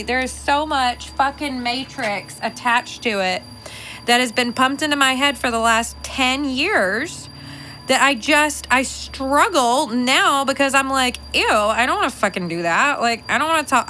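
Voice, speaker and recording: A woman in her thirties hosts her own podcast from home, rambling in a loose, chatty way full of fillers and swearing. Her voice is bright and sits a little high for a woman. A faint hum sits underneath the recording. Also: a little slow, poor audio. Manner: chatty, profane, filler-heavy. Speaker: podcast host. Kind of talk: casual monologue.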